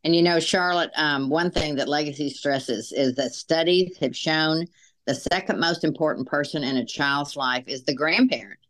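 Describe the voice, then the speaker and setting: An older woman with grandchildren, appearing as a podcast guest over a remote call and speaking in a warm, encouraging way. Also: low voice, normal speed. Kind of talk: encouraging ministry talk.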